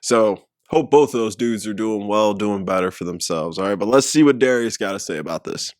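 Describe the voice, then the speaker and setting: A man's voice: lowish voice, a little fast, no room sound, studio quality. A man hosting a reaction video, talking in casual slang and repeating himself for emphasis.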